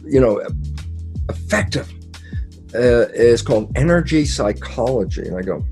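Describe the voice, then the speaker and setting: A man's voice: medium pitch, unhurried, soft background music. A man speaking as an interview guest. He explains his ideas with energy and acts out his own quoted conversations, stressing points through repetition. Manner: animated storyteller who acts out his own quoted dialogue; emphatic and repetitive, with occasional laughs and mild swearing.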